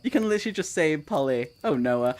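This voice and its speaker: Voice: medium pitch, expressive, a little fast, darkish tone. A young adult book streamer chatting casually on a live reading sprint, answering chat messages, laughing often and swearing freely.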